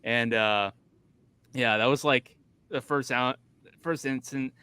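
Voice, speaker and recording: A man's voice: medium pitch, unhurried, bright, forceful tone, smooth, dry recording. A man hosting a casual podcast chat, telling a rambling story full of restarts. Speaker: podcast host.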